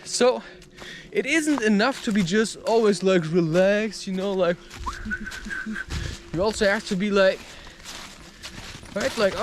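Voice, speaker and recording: A man's voice: sits high, slow pace, pauses often, background noise. A man vlogging outdoors in a forest, rambling casually in a profane, playful way and slipping into mock voices. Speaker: vlogger and podcast host.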